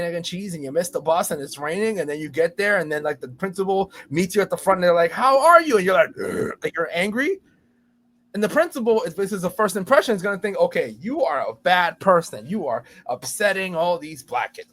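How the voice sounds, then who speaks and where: A high-voiced school storytelling educator discusses teaching children to speak while guesting on a podcast. The conversation is casual, and he stays animated throughout, slipping into exaggerated voices to play students and teachers.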